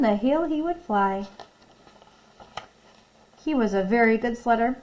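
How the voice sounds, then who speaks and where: A woman teacher with a high, light voice reads a picture book aloud for a recorded class. Her reading is lively and expressive. She often breaks off to ask the children questions and tell them to pause. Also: poor audio. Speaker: elementary school teacher.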